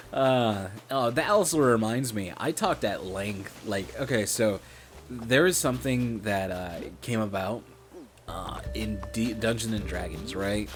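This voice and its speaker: A young man chats while streaming a game, rambling and swearing with a sarcastic edge. His voice sits a little low. Game music plays clearly in the background. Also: a little slow. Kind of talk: casual gaming stream chat.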